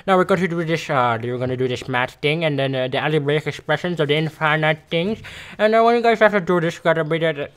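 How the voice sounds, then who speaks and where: A man's voice: fairly high pitch, fast, a bit bright, smooth, lightly acted. A teenage boy mimicking a woman math teacher who rambles and mumbles through jumbled, half-finished sentences. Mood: confused rambling. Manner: mumbling, trailing off, jumbled words.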